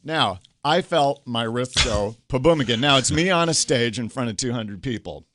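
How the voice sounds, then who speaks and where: A middle-aged man hosting a talk, coaching through conflict with animated stories and acted quotes. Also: medium pitch, moderate pace, no room sound. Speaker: host and coach. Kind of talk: casual talk show conversation.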